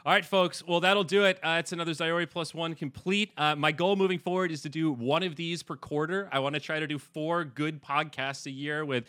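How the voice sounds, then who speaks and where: A man with a deep voice hosting a podcast interview, talking in a relaxed, rambling way. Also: fairly quick, hardly any pauses, smooth, no echo, studio quality. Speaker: podcast host. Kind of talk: casual interview chat.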